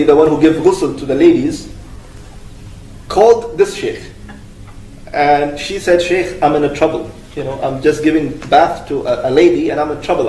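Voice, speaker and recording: A man's voice: a little high, mellow, slight background noise. Earnest man telling a story in an echoey room. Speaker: religious speaker. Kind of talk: retelling a cautionary religious story. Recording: echoey room, distant mic.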